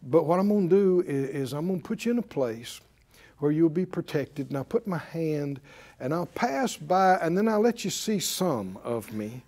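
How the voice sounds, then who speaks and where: God as a patient, fatherly speaker, as a male preacher puts him on, casual and gentle. The voice sits fairly high with a lively lilt, but softer and lower than the preacher's usual sermon delivery. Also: moderate pace.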